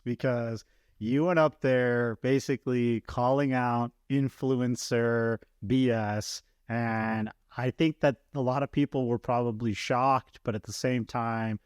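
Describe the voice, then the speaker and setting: Seorang pria pembawa acara podcast bertanya dan merangkum dengan santai. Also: male voice, medium pitch, no echo, clean studio sound. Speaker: podcast host. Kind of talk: interview questions.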